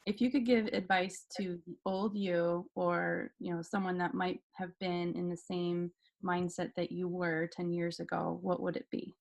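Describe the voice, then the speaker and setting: A woman's voice: on the low side, flat delivery, measured pace, gravelly, few pauses. A woman interviewer asking questions and thanking her guest, encouraging and laughing along. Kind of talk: casual interview.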